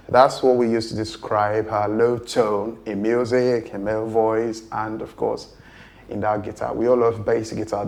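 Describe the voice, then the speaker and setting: A man with a Nigerian English accent teaching a pronunciation lesson. He explains patiently and slows down to model each word. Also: medium pitch, darkish tone.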